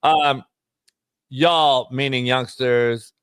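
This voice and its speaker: A man's voice: medium pitch, lively intonation, normal speed, a bit bright, no echo, studio quality. A man hosting a live sports talk show, ranting brashly and swearing freely.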